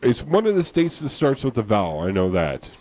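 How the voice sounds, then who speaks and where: A man hosting a radio talk show, upbeat and quick to read out sponsors. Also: medium pitch, big pitch swings, darkish tone, no echo. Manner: upbeat, reads sponsor ads.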